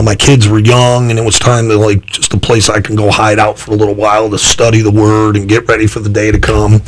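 A male pastor recounts a story in a relaxed interview. His voice sits at a medium pitch with a rough, gravelly edge. He rambles and restarts, and he jumps higher when he voices his own thoughts. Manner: loose, rambling delivery with restarts.

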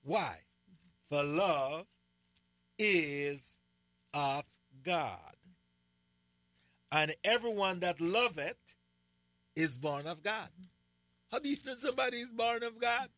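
A man's voice: sits high, lively intonation, slow, long pauses, fairly bright tone, no room sound. A man teaching from the Bible, emphatic and repeating key words for stress. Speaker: co-host.

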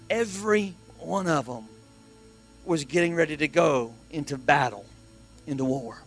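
Emphatic, higher-voiced man preaching. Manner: emphatic repetition with swings from hushed to loud. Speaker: pastor. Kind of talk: sermon.

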